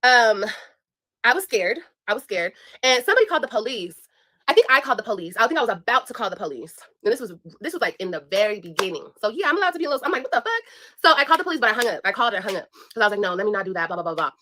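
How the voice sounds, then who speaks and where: A woman's voice: medium pitch, big pitch swings, racing, bright, forceful tone, a little hiss or hum. A young woman vlogger telling a personal story in a casual, blunt and profane way, speaking straight to her viewers. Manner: blunt, profane, emphatic, addresses viewers directly.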